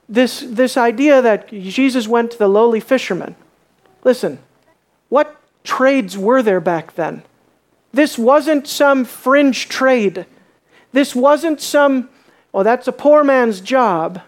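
A man preaching a sermon, emphatic, repeating words and swinging from quiet asides to loud calls. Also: very high voice, slow.

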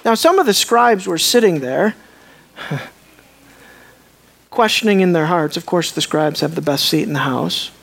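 A preacher gives a sermon in an expressive, creaky, medium-pitched voice, swinging from hushed, slow asides to loud, emphatic declarations. He poses rhetorical questions to his listeners.

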